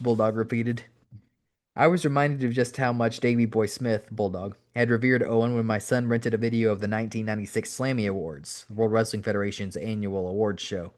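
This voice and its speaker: Man reading an audiobook aloud. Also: medium pitch. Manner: steady reading with occasional self-corrections. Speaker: audiobook reader and podcast host. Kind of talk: amateur audiobook narration.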